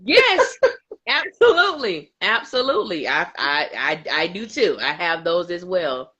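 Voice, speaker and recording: A woman with a fairly low voice chats in a lively, emphatic way, often laughing as she makes her point. She is co-hosting a casual aftershow. The sound is a bit dull, like a compressed online stream. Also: normal speed, slight background noise. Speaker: co-host.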